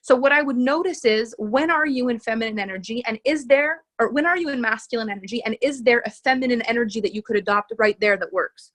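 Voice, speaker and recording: Woman coach, bright-ish higher voice, earnest and emphatic, leans on repetition. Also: fast, few pauses. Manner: earnest and emphatic, repeats key phrases. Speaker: relationship coach. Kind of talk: live coaching session, reading out viewer comments.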